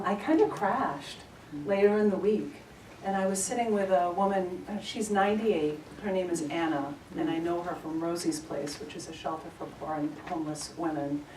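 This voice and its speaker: Woman service leader, low-ish voice, earnest personal sharing, roomy and distant mic. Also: moderate pace. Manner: earnest storytelling, heartfelt. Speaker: service leader giving announcements. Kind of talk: personal sharing at a spiritual gathering. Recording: echoey room, from far off, faint noise.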